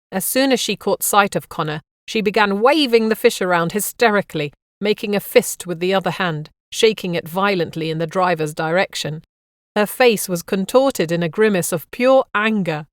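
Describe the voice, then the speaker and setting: A woman narrating a memoir audiobook in a calm, measured reading voice. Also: lowish voice, no room sound, studio quality.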